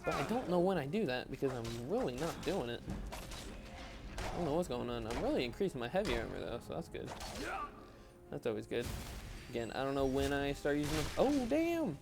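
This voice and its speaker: A man's voice: medium pitch, lively intonation, a little fast, gravelly, long pauses, over music. Tired young man rambling over gameplay. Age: young adult. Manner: rambling, self-deprecating, chatty. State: tired, yawning. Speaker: gaming video host. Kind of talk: casual gameplay commentary voice-over.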